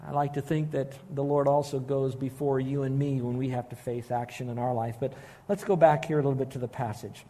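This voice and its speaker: A man preaching a sermon, earnest and emphatic, slowing down to stress key phrases. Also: mid-range voice, flat delivery, dark tone. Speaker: pastor.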